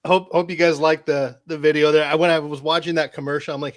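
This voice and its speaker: A man co-hosting a casual live stream, relaxed and chuckling through short asides. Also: on the high side, quick pace. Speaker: co-host.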